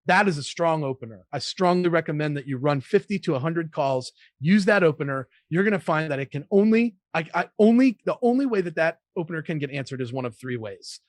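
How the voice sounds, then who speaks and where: A man's voice: on the high side, a little fast, hardly any pauses, no echo. Upbeat sales trainer man, dry close sound. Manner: energetic, demonstrates call openers. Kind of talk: podcast interview advice.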